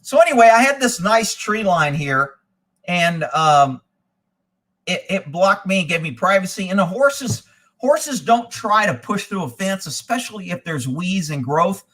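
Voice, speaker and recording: Profane, animated man telling a story. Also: high voice, measured pace. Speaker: host. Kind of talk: casual live-stream storytelling.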